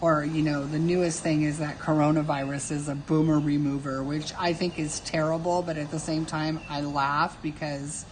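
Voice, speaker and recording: A woman's voice: sits low, flat delivery, moderate pace, few pauses, a little hiss or hum, rough recording. A woman in her fifties chatting casually on a live stream while she draws, chatty and self-mocking, laughing often. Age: 50s. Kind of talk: casual chat while drawing.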